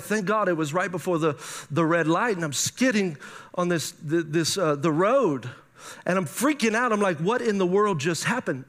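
Middle-aged male pastor, high-pitched, lively sermon storyteller. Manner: storytelling, animated, acts out his own thoughts in quotes.

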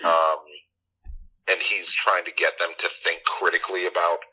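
A man's voice: deep voice, little pitch movement, normal speed, bright, forceful tone, husky, poor audio. A man on a casual podcast, rambling and swearing as he recaps a movie. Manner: profane, rambling recaps with mock voices. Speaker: podcast co-host.

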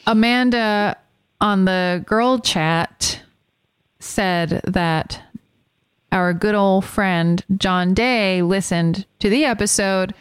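A woman co-hosting a casual podcast among friends, giggly and quick to apologize. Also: smooth, dry recording. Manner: giggly, apologetic, slips into a squeaky baby voice. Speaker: podcast co-host.

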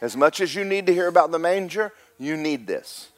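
A middle-aged man preaching a sermon as pastor, rising to a loud rhythmic peak and slipping in joking asides to the congregation. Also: a little high, expressive, a little fast.

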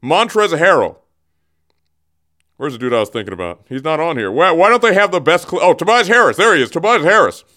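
Brisk and sing-song, this man's slightly high, sharp-toned voice carries a casual radio monologue. Speaking into a studio mic in a radio studio that's also streamed on camera, he jokes, teases, rambles toward a reveal, and keeps restarting his sentences.

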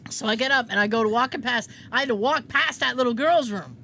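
Animated high-pitched woman telling a story. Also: fast, vocal fry, slight background noise. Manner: animated, acts out quotes in shifting voices, laughs often. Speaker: podcast co-host telling a story. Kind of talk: casual storytelling chat.

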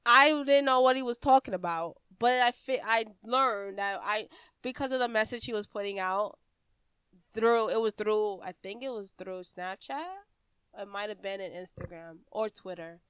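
Chatty American woman, smooth dry voice. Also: mid-range voice, normal speed, a bit bright, no echo. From United States. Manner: chatty, rambling, with many fillers and restarts. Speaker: podcast host. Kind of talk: casual instructional podcast talk.

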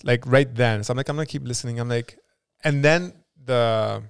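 A man's voice: medium pitch, moderate pace, creaky, hardly any pauses, background noise. A man co-hosting a podcast, telling a long story in casual chat with many fillers and restarts. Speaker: podcast co-host.

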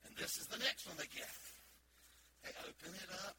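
High-voiced man preaching, playful storyteller. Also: brisk, heavy background noise. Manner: playful, animated storytelling with acted-out bits. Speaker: pastor. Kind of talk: sermon. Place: church sanctuary. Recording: loud background ambience.

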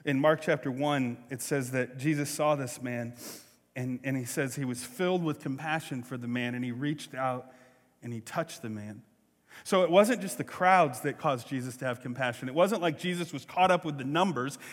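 A man giving a chapel sermon, telling stories and dropping soft and low on key phrases. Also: normal speed. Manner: storytelling, drops soft and low on key phrases, rises loud for quotes. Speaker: chapel speaker. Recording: long hall reverb.

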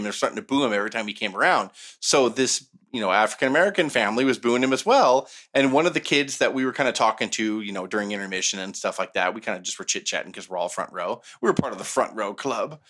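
A man's voice: fairly low pitch, lively intonation, fast talker, hardly any pauses, a bit bright. A middle-aged man casually telling a long story as podcast co-host, profane and sardonic, with mocking voice impressions.

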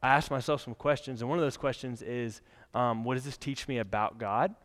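A man's voice: mid-range voice, steady tone, fairly quick, a bit bright. A young man preaching a casual, conversational sermon in a church, chatty and laughing often, with many fillers. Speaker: pastor. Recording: long church hall reverb.

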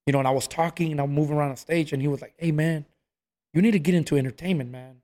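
A man's voice: on the high side, very fast. A man telling stories in a casual chat, acting out what people said. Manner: animated storyteller, acts out quotes, says "bro" a lot.

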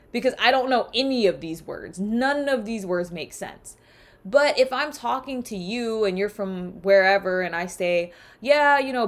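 A woman from the South, talking through ideas in a casual, reflective solo podcast. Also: mid-range voice. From Southern United States. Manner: conversational, reflective, with rhetorical asides. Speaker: podcast host.

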